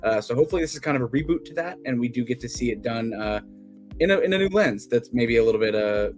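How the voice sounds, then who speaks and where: A man's voice: mid-range voice, animated, fast, a little mellow, soft background music. Easygoing man reading movie news. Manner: easygoing, reads headlines. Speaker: co-host. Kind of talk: casual movie news chat.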